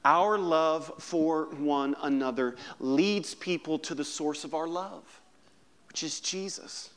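A man preaching a sermon as pastor, moving between soft, hushed quotes and emphatic, rising passages. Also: a little high, slow pace.

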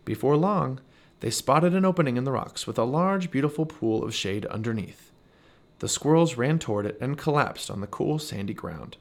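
A man reading a children's chapter book aloud with expressive, animated storytelling. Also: medium pitch, moderate pace. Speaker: storybook reader.

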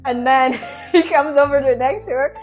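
Young woman co-host, fairly high voice, teasing, giggly, faint music under the talk. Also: normal speed. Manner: teasing, laughing often. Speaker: podcast co-host. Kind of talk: casual chat.

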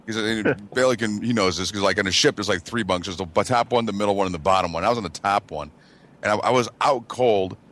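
A man's voice: on the low side, fast talker, a bit bright. A man casually telling a profane, rambling story and laughing as he goes. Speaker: regular on a men's chat show, Navy veteran.

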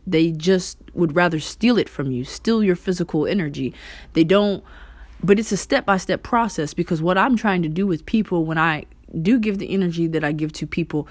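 A woman's voice: fairly low pitch, normal speed, dry recording. A woman talking casually to the camera about spiritual energy, loose and conversational, swearing now and then. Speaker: vlogger.

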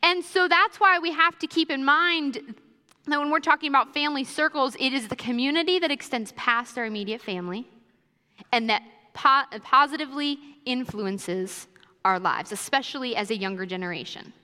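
A woman's voice: high-pitched, normal speed, pushed and bright, clean tone. A young adult woman giving a conversational sermon full of personal stories. She talks in a casual, chatty way with fillers like "kinda" and "like". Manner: casual and chatty, many fillers like 'kinda' and 'like'. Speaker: church speaker. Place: church auditorium. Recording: long reverb of a large church hall.

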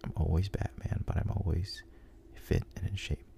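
A weary, stubborn aging superhero, as a man puts him on in whispered role-play. The voice is very deep and gravelly, dark in tone. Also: flat delivery, moderate pace, slight background noise. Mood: wistful.

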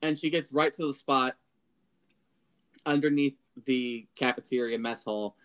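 A man co-hosts a casual spoiler-review podcast. He retells the story with energy and jumps into brief voices for the characters. His voice sits in an ordinary middle pitch. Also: clean tone. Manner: animated retelling, acting out lines in quick impressions. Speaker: podcast co-host.

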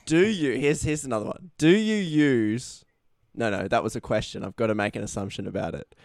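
A man's voice: medium pitch, brisk, a little mellow, no echo, studio quality. Playful man hosting a podcast. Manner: chatty and playful, teasing the guest. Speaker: podcast host. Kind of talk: casual podcast interview.

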